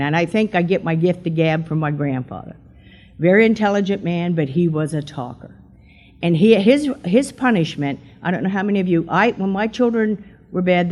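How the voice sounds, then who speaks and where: A woman's voice: on the low side, darkish tone. Chatty older woman telling her testimony. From Pennsylvania. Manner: chatty storyteller, acts out quotes in a raised voice. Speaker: church member giving testimony. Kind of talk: personal testimony to a congregation.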